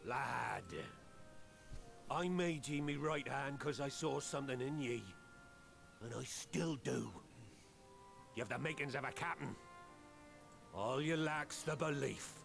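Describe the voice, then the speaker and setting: An actor playing an older, gruff pirate captain who talks in old-fashioned pirate speech and gives stern, rousing speeches. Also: male voice, mid-range voice, slow, long pauses, fairly bright tone, full character voice. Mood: fatherly. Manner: scolding, rousing oratory. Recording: game audio under music.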